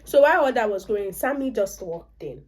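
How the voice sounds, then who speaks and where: A woman's voice: mid-range voice, lively intonation, normal speed, a little mellow, breathy edge. A young Nigerian woman recapping a series episode in a chatty, opinionated way, with asides in Pidgin and Yoruba. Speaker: vlogger. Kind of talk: casual reaction recap.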